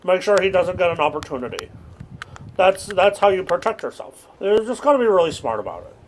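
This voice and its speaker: A young man giving rambling, absurd deadpan commentary while playing a video game. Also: sits high, a little fast, a little hiss or hum. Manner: rambling deadpan non-sequitur jokes. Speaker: gaming streamer. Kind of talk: absurd comedic gameplay commentary.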